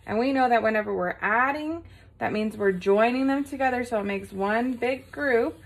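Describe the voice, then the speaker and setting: A woman's voice: on the high side, normal speed. A woman teacher giving a recorded lesson to young children, patient and encouraging, often checking in with a "right?".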